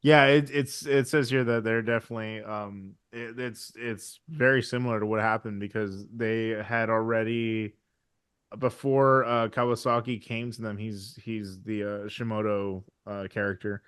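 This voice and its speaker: A man co-hosting a podcast in casual chat, speaking haltingly with restarts, swearing and laughing readily. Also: on the low side, steady tone, fairly bright tone, clean tone. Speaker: podcast co-host.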